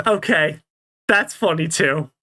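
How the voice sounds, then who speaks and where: A woman's voice: low-pitched, slow pace, pushed and bright. A woman doing casual, giggly game commentary, swearing often as she reads the story. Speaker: let's player.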